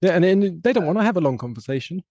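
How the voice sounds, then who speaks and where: A man with an English accent hosting a podcast, talking fast and reflectively as he works through ideas. His voice is mellow and low in brightness. It is recorded dry and close, with no room echo. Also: expressive, highs cut off. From England. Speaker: podcast host. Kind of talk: casual podcast conversation.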